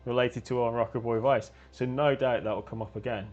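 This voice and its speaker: A man's voice: medium pitch, fairly even intonation, darkish tone. Male guest, mid-range voice, hesitant and self-deprecating, heard over a dull, slightly muffled video call. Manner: halting, restarts sentences, self-deprecating. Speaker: guest, game designer and game master. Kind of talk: casual chat.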